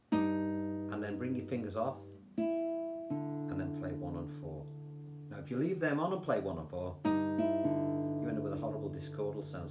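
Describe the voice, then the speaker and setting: An older man with an English accent, teaching guitar in a chatty, relaxed way and counting rhythms aloud. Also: low-pitched. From England. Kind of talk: casual guitar tutorial. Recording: roomy sound with guitar playing.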